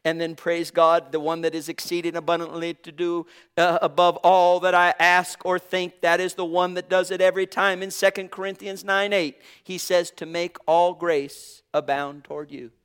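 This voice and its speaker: A man preaching a sermon with emphatic, drawn-out phrases, swinging between loud bursts and soft asides, chuckling now and then. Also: high-pitched, level tone, clean tone.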